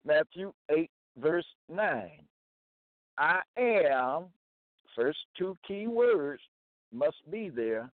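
A man teaching from scripture in a slow, deliberate way, repeating phrases and checking in with "okay?" and "all right?". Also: on the high side, big pitch swings, dry recording. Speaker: self-styled Bible teacher. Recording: tinny phone-like dry sound.

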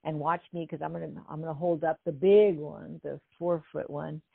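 An older woman from California tells her story with plenty of life, acting out what people said and often breaking into laughter. Her voice sits on the low side. It comes through a thin, phone-like line with a dry, close sound. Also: normal speed, gravelly, breathy edge, no room sound. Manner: animated, acts out quotes, laughs often. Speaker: guest. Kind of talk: casual storytelling interview.

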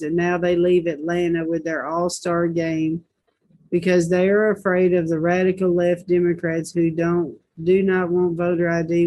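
A woman's voice: on the low side, warm tone. A woman hosting a Christian talk show, reading posts aloud and commenting with indignant rhetorical questions.

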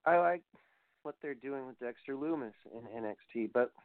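A man hosting a wrestling review show, talking off the cuff and wandering between points as he reads through results. His voice sits at a middling pitch. It comes through thin and phone-like, with a dry, close sound. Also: moderate pace, no echo. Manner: rambling, reads results aloud and digresses. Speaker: wrestling podcast host. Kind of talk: casual solo show review.

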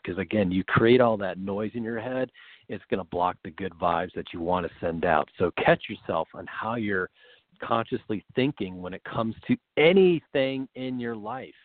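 A man with a lowish voice chatting as a co-host, friendly and encouraging as he coaches listeners. His voice comes through narrow and tinny, with a dry, close sound. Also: dry recording. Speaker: podcast co-host. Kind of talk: casual chat.

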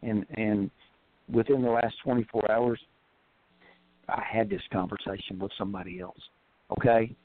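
A man calling in to a radio show, animated and playful in his chatter, over a tinny phone line. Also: lowish voice, normal speed, vocal fry, pauses often, no echo. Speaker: caller. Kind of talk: casual call-in chat.

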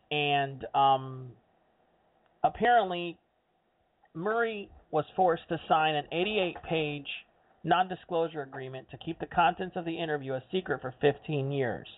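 A rambling, exasperated man hosting his own podcast, restarting sentences and filling gaps with ums. His voice sits a bit high for a man and sounds dry and close. It comes through a thin, phone-like line. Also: dry recording. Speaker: podcast host. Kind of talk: casual solo commentary.

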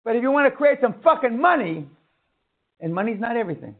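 A man's voice: very high-pitched, big pitch swings, fast talker. A man giving a blunt, profane motivational lecture at a seminar, swearing and ranting. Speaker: seminar speaker on radio. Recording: tinny phone-like line.

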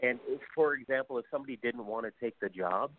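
Measured man on a tinny phone line. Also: medium pitch. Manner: measured, consultative. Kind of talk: discussion on a call-in show.

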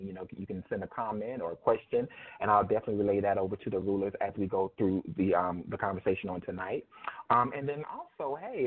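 A man in his thirties hosting a call-in interview, chatty, with frequent ums and easy laughs. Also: medium pitch. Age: 30s. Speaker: host. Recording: tinny phone line.

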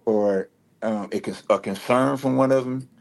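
A man with a Detroit accent, guest on a radio interview, talking in a relaxed, rambling way full of fillers and restarts. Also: lowish voice, normal speed, gravelly. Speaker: rapper guest. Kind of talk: casual interview talk.

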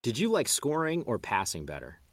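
A man's voice: medium pitch, huge pitch swings, brisk, no room sound. A man hosting a podcast interview, asking chatty, friendly questions. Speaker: podcast host. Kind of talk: casual interview.

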